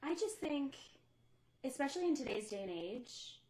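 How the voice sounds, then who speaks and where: A young woman co-hosting a podcast in casual chat, talkative and quick to laugh. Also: high voice, very animated, darkish tone, poor audio. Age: young adult. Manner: chatty, laughs often. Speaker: podcast co-host.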